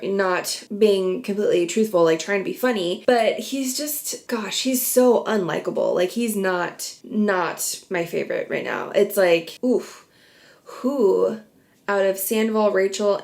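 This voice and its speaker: A woman recapping reality TV in a loose, casual way, full of "like" and swear words. Her voice sits at a middling pitch with a lot of vocal fry at the ends of phrases. She sounds blunt and opinionated. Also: unhurried, a little mellow. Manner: chatty, blunt and profane, full of "like". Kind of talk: casual reaction commentary.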